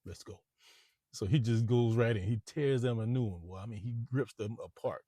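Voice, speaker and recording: Brief: man, real estate agent, loose chatty vlog rambling, mid pitch, dry close sound in a car. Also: brisk, warm tone, no echo. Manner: rambling, repeats words, chatty. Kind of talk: casual vlog monologue. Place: inside a parked car.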